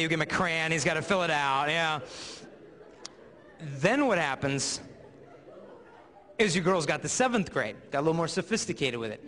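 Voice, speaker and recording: Higher-voiced man speaking in a reverberant hall. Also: pushed and bright. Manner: playful storyteller who acts out characters. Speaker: youth speaker. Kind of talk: comedic stage talk to a live audience. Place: large hall with an audience.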